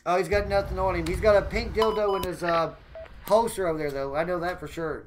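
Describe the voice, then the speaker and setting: A man live-streaming a police game, joking loudly and thanking viewers by name. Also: sits high, fairly even intonation, fairly quick, slight background noise, rough recording.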